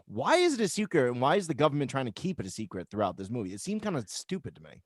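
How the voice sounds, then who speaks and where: An American man co-hosting a podcast, ranting in disbelief in a very lively voice that swings up and down. His pitch is middle for a man. The sound is dry and close, with no room in it. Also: rapid-fire, dry recording. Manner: animated, incredulous rants. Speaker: podcast co-host. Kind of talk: casual chat.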